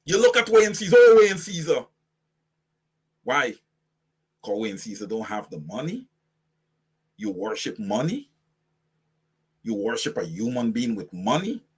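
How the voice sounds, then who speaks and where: A man's voice: mid-range voice, husky. A man with a Guyanese accent hosting impassioned political commentary, preaching fiery direct address to his audience. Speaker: host.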